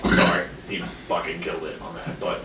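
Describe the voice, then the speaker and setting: A man's voice: low voice, little pitch movement, a little fast. A man co-hosting a casual podcast chat, blunt and rambling, with heavy swearing. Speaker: podcast co-host. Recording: echoey room, distant mic, faint noise.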